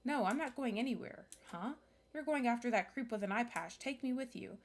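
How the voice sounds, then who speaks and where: A woman's voice: fairly high pitch, expressive, fairly quick. A woman voicing a bitter young singer girl. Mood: tense.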